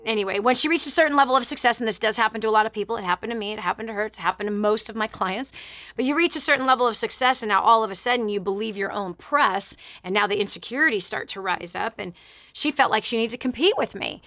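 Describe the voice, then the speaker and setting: A woman's voice: on the high side, fast, pushed and bright, no echo, clean studio sound. A woman hosting a talk show, telling a personal story with emphatic, repeated phrases and acting out what others said. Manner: acts out other people's words in her story. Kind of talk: motivational radio monologue.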